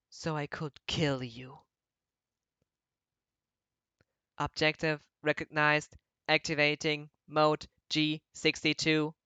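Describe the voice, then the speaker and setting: A woman voicing a vengeful, reawakening artificial being that alternates flat system reports with hateful vows. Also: low-pitched, clear, resonant tone, no echo, voice pushed down, exaggerated voice. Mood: menacing.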